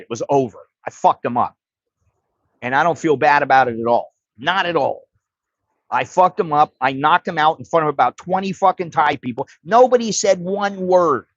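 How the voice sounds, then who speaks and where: A man's voice: fairly high pitch, fairly bright tone, no echo. A middle-aged American man telling stories on a livestream, blunt and profane, rambling and restarting his sentences. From United States. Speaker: livestream host. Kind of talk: casual livestream storytelling. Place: home livestream setup. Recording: dry, dull lo-fi stream audio.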